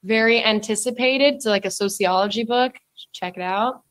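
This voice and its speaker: A woman's voice: a little high, moderate pace, a bit bright. A woman co-hosting a casual podcast, sharing facts in a matter-of-fact way. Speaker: podcast co-host. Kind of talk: casual chat.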